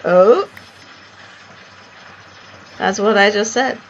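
A woman's voice: mid-range voice, extremely slow, creaky, lo-fi sound, slight background noise. A woman playing a video game, chatting casually with a playful, teasing manner. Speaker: gamer. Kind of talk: casual gaming chat.

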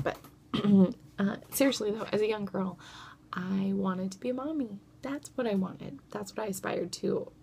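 A woman in her thirties chatting casually to camera as a mother vlogger, self-deprecating and at times dropping to a soft whisper. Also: mid-range voice, gravelly, slight background noise.

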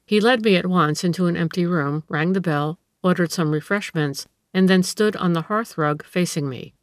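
Female audiobook reader, measured narration, lowish, dry close sound. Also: no room sound. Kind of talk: scripted narration of a classic story.

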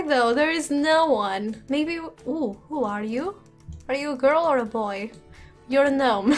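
A young woman casually commenting on her life-sim game, giggling often and talking to the characters and to her viewers. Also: high voice. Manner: giggly, chatty, laughs often. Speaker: gaming channel host. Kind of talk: casual let's-play commentary. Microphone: desk condenser mic.

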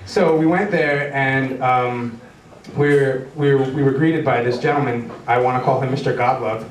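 A man's voice: medium pitch, fairly even intonation, normal speed. A young man doing a rambling, self-deprecating stand-up routine with many stumbling restarts. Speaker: stand-up comedian. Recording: roomy club sound from far off, audience noise.

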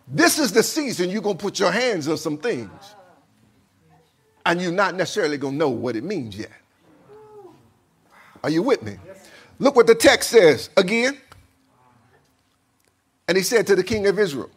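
A man's voice: sits high, big pitch swings, normal speed, long pauses, slightly rough. A man preaching a sermon as pastor, acting out a king's confused voice and talking back and forth with his congregation.

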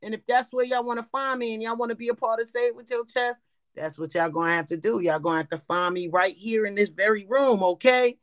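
A woman hosting a live call-in room on a social app, loud and brash, swearing and talking straight to her audience. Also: fairly high pitch, fairly quick, dry recording. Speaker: host of a live app show. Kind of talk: casual live-stream hosting.

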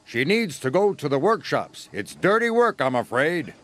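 A man voicing a brisk, businesslike middle-aged railway boss who speaks formally and matter-of-factly. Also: on the high side, big pitch swings, a bit bright.

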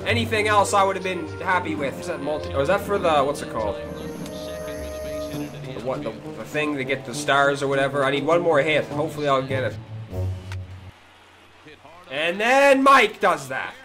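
Man, fairly high voice, excitable, swearing, live gameplay commentary, mutters and yelps, desk mic, game music behind. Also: moderate pace, pauses often. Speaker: gaming video host.

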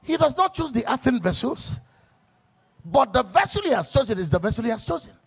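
A man's voice: very high voice, sing-song, fairly quick, breathy edge. A man, a pastor preaching a sermon to church workers in a church, emphatic as he weaves stories and scripture quotes.

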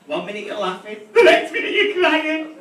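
A man's voice: very high-pitched, huge pitch swings, moderate pace, fairly bright tone. A man doing crude, brassy drag stand-up comedy, teasing the audience as his stage persona. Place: live theatre stage. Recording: echoey hall from far off with crowd. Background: audience laughter.

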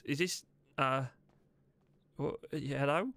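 A man's voice: mid-range voice, normal speed, dry recording. A man role-playing as a detective, hesitant and full of fillers. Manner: hesitant, filler-heavy, flustered. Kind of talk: role-play.

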